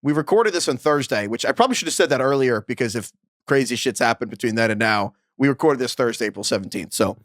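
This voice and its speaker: A man's voice: medium pitch, expressive, fast talker, fairly bright tone, dry recording, studio quality. A young adult man co-hosting a podcast, chatting casually, swearing and laughing often. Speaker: podcast co-host.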